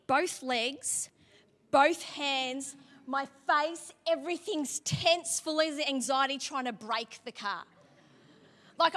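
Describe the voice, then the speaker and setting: A high, bright woman preaches in a church hall, and her voice carries a long reverb tail. She tells her story in a chatty way with little laughs, then pushes into emphatic, fervent preaching. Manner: conversational, laughing asides, building to emphatic preaching. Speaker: pastor. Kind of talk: sermon with personal story.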